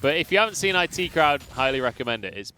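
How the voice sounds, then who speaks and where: Lively-voiced male esports caster. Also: on the high side, fast talker. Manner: jokey, chatty banter between calls. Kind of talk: play-by-play and colour commentary.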